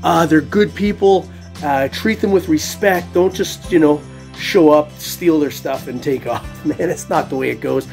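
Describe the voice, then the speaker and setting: A man's voice: on the high side, unhurried, vocal fry, darkish tone, faint music behind. A middle-aged man vlogging his metal detecting finds in a chatty, upbeat way, laughing often. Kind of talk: casual vlog talk to camera.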